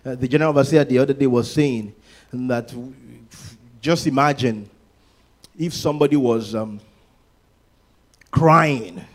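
A man preaching a sermon who swings between sung-out, shouted exclamations and low, conversational asides, often repeating words and restarting phrases.

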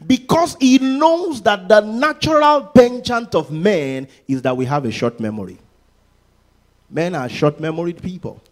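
In this sermon, a male preacher alternates between sung-out, shouted exclamations and quiet, conversational asides. He frequently repeats words and starts phrases over.

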